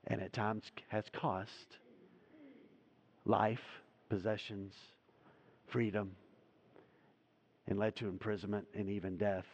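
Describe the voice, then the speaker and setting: A man preaching a sermon as pastor in a church, his voice swelling loud and dropping low as he drives his points home. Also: little pitch movement, takes it slowly, long pauses, husky, big-room sound, lo-fi sound. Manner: preaching with dramatic swells and drops in volume. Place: church sanctuary.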